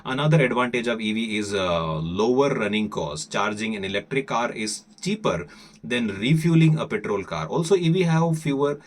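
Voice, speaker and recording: A man with an Indian accent, an English teacher reading an article aloud for learners, deliberate and often hesitating. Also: mid-range voice, lively intonation.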